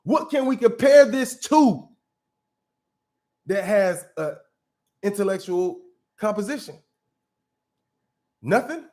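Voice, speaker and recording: Blunt, profane man reacting, high voice. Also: animated, takes it slowly, long pauses, mellow. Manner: blunt, profane, argumentative, restarts mid-thought. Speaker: commentary show host. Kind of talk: casual reaction commentary.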